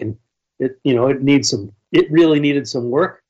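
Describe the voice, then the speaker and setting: A man's voice: fairly high pitch, animated, moderate pace, darkish tone, slightly rough, lo-fi sound. A man on a radio show telling a casual story, rambling with many restarts.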